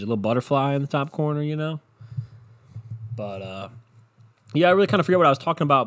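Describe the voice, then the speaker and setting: A man talking casually and alone, rambling and swearing, often trailing off into a mumble. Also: mid-range voice. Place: home room with a barking dog.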